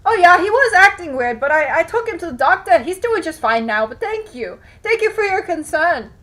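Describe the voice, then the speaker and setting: A woman's voice: very high voice, big pitch swings, sharp tone, pitched above the performer's own voice, heavily acted. Woman playing a fretful half-orc village mother. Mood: anxious, deflecting. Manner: hesitant, halting with fillers.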